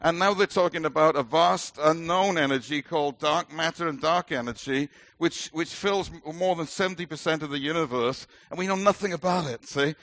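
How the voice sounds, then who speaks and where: A man's voice: fairly high pitch, moderate pace, hardly any pauses, fairly bright tone. A middle-aged man with a British accent preaching a sermon as a minister, earnest and emphatic with light self-deprecating humor.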